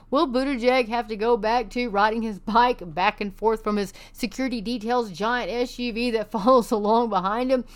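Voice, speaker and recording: A woman from Texas hosting an online commentary show, reading news articles aloud and adding sarcastic, scoffing asides. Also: a little high.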